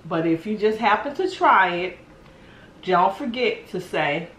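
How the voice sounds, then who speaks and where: A woman's voice: medium pitch, lively intonation, measured pace, a bit bright, reverberant, slight background noise. A woman chatting casually to her viewers while eating noodles, humming between bites, playful and teasing. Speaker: vlogger eating on camera. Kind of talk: casual mukbang chat.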